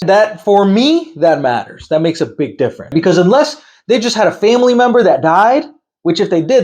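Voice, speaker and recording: A man's voice: sits high, darkish tone. Firm, chatty sales manager man. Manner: conversational, tags lines with "right?" and "okay?"; direct, firm. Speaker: sales manager who hires reps. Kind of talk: advice talk to camera.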